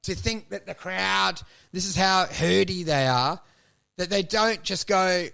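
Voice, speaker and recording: High, gravelly American comic riffing. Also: male voice, a little slow. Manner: profane, riffing, building to shouted bits. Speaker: podcast co-host. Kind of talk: comedic podcast banter.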